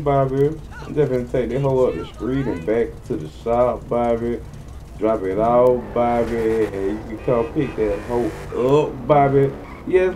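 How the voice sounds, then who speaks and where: A man talking through his gameplay in loose, casual commentary, full of slang and swearing. His voice sits at an ordinary middle pitch and jumps into high yelps when things go wrong. A faint hum of noise sits behind him. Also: warm tone. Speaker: gaming channel host.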